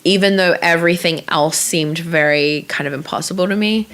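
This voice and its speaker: A woman's voice: lowish voice, moderate pace. A young woman from Australia, an actress, telling stories in a casual interview with lots of acted-out quotes. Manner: chatty, animated storytelling with acted-out quotes and laughs.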